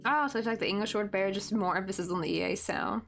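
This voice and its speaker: A woman in her late twenties chats casually through a crafting live stream, drifting from one thought to the next with plenty of filler words and small chuckles. Her pitch sits in an ordinary middle range, and faint music plays softly underneath her. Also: quick pace, creaky. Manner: rambling, thinking aloud with many fillers; chuckles often. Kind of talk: casual chat.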